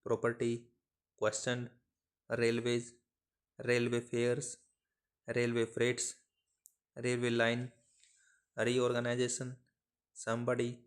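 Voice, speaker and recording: Slow, monotone man dictating words. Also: medium pitch. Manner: measured, monotone delivery of isolated phrases. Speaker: shorthand dictation reader. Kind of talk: slow dictation of word lists.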